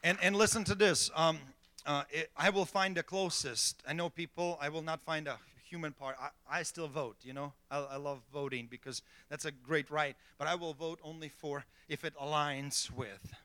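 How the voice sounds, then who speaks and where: A middle-aged pastor preaches with emphatic, rising delivery, punctuating points with "okay?" and "amen." His voice sits high for a man and has a sharp, bright edge. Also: fairly even intonation, normal speed, no echo. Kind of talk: sermon.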